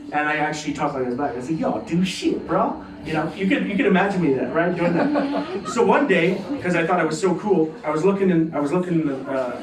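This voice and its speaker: A man doing a rambling stand-up set at a comedy night, with lots of restarts and asides. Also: on the high side. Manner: rambling, loose delivery with many restarts and asides. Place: comedy club stage. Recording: echoey room heard from a distance, with a crowd.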